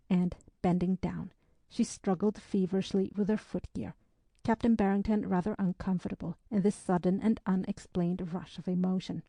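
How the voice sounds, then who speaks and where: Gravelly, mellow woman audiobook narrator. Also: fairly low pitch, level tone, normal speed, no echo.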